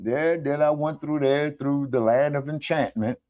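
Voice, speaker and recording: A man's voice: a little high, unhurried, dry recording. Male co-host, folksy storyteller who curses a lot and plays every part in his own yarns; the audio comes through dull and dry. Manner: folksy storyteller, swears freely, acts out dialogue. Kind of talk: casual chat on an online talk show.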